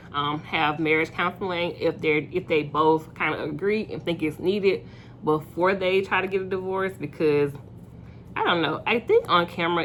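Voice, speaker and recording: A woman's voice: low voice, a bit bright, a little hiss or hum. A young woman casually recapping a reality show episode, chatty and opinionated, with plenty of fillers.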